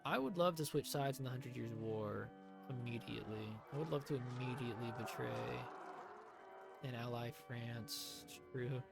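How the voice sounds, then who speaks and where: Male streamer, live gameplay commentary, sarcastic, mid pitch, light music under. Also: normal speed, gravelly. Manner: sarcastic, swings from mutters to shouts.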